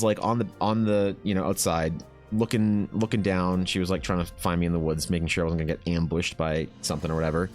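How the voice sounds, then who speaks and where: A young Canadian man telling a rambling story to his stream chat, casual and full of swearing and fillers. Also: low-pitched.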